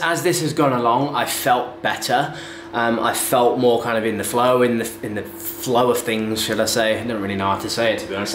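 Man rambling in echoey garage. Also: mid-range voice. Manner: chatty, rambling, self-correcting. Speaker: fitness vlogger. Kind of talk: casual chat between gym sets. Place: home garage gym. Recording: echoey garage with loud background noise.

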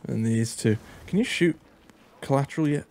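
A man giving excitable gameplay commentary, joking and exclaiming as he plays. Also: medium pitch, moderate pace. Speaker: gaming YouTuber.

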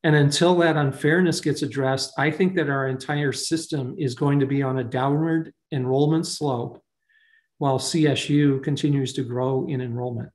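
A man's voice: mid-range voice, fairly even intonation, moderate pace, darkish tone. A man leading a staff meeting over a video call, thinking aloud with fillers. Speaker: meeting leader. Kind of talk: online staff meeting discussion.

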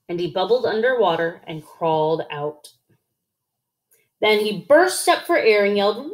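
A woman's voice: mid-range voice, sing-song, unhurried. A woman reading a children's picture book aloud, expressively, with sound effects. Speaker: storyteller.

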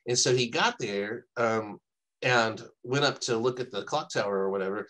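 A man's voice: mid-range voice, moderate pace, a bit bright, low-quality recording. A man co-hosting a podcast, telling a long anecdote in a casual, rambling way, often laughing and quoting people. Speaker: podcast co-host. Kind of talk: casual storytelling chat.

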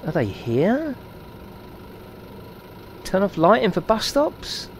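Man, game streamer, lively swooping pitch, excitable chatter, faint noise behind. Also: takes it slowly. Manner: excitable, chatty, talks to chat viewers. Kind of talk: live gameplay commentary.

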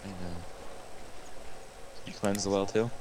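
A man's voice: on the low side, flat delivery, slow, background noise. A young man playing a game with a friend, joking crudely and swearing casually. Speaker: gamer. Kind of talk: casual co-op let's play banter.

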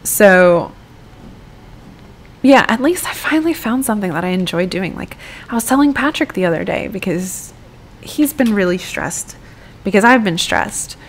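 A woman's voice: medium pitch, expressive, moderate pace, a little hiss or hum. Chatty, swearing American woman gamer. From United States. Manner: chatty and rambling, swears freely. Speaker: gaming YouTuber. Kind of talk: casual gameplay commentary.

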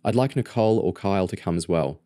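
A man's voice: deep voice, lively intonation, fast talker, warm tone, dry recording, clean studio sound. A man voicing a bossy, determined teenage girl agent who talks in urgent, clipped commands.

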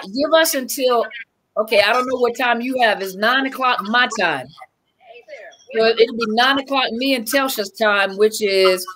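A Southern woman talks to her livestream viewers in a relaxed, chatty way, greeting people by name and filling pauses with ums. Her voice sits on the higher side, and a faint hiss runs under the webcam recording. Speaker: livestream host and coach. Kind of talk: casual livestream chat.

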